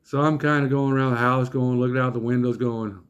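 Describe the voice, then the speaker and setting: A man hosting his own channel, telling a story in a casual, animated and joking way with a folksy manner. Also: mid-range voice, fairly quick, clean tone.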